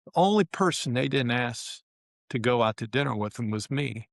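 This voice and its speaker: Speaking at a normal speed in a mid-range voice with vocal fry, this former pro basketball player in his 70s is an interview guest sharing a colorful, candid story. He sounds relaxed and uses plenty of fillers. The sound is studio quality, with no room sound.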